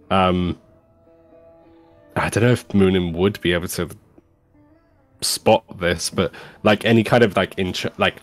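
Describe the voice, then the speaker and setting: A man taking part as a player in a tabletop role-playing game over a voice call, speaking hesitantly with many ums and restarts. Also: fairly low pitch.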